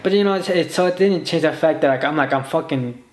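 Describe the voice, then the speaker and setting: A man's voice: a little high, fast, reverberant, low-quality recording. A man rambling through a personal story in a monologue. He often restarts and quotes himself and others. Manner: rambling, full of restarts and quoted inner speech. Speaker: podcast host.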